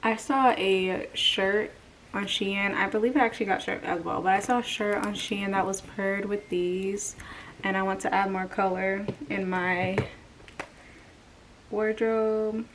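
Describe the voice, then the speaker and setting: Her voice sits in the mid range, steady in tone and unhurried, as this young vlogger casually walks through a try-on haul. Out of breath, she leans on fillers and lapses into whispers. Background noise comes through clearly on the distant microphone.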